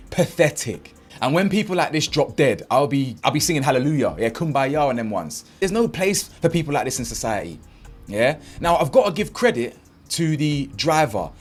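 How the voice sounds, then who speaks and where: Husky, animated man ranting. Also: on the high side. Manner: animated and indignant, acts out quotes, heavy slang. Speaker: commentary channel host. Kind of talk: reaction commentary.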